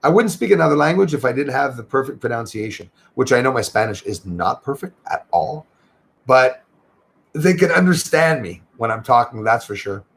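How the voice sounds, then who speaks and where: Man from Canada, livestream host, gravelly voice, rambling casual chat, reading viewer comments. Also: mid-range voice, animated, normal speed. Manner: chatty, thanks viewers by name, rambling asides.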